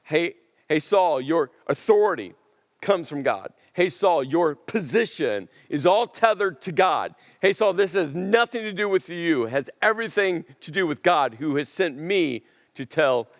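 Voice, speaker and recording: A pastor playing a stern old prophet. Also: male voice, a little high, animated, unhurried, long reverb tail, pitched above the performer's own voice. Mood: urgent. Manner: urgent, insistent, repeats the king's name. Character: stern male prophet rebuking a king.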